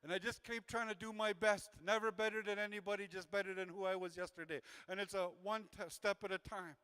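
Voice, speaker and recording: A man's voice: sits high, fairly even intonation, fast talker, sharp tone, clean tone. Earnest man giving a community talk. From Canada. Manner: earnest, repetitive, acts out quoted voices. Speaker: youth worker and speaker. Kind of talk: motivational talk to a gathering.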